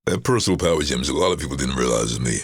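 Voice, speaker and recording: A man's voice: very fast, slightly rough, dry recording, studio quality. A middle-aged man, a voice-over artist telling stories in a casual interview and acting out the voices he quotes. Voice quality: deep baritone. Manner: storytelling, animated, acts out quoted voices.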